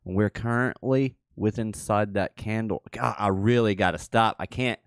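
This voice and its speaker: A man's voice: lowish voice, normal speed, no room sound, studio quality. A man from the American South hosting a casual livestream, joking and laughing often. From Southern United States. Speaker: livestream host.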